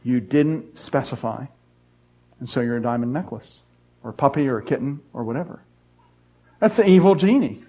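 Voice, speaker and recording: A man's voice: medium pitch, expressive, normal speed, long pauses, warm tone. A middle-aged man preaching a sermon as a pastor, earnest and repetitive in his emphasis, with joking asides. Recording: dull lo-fi sound.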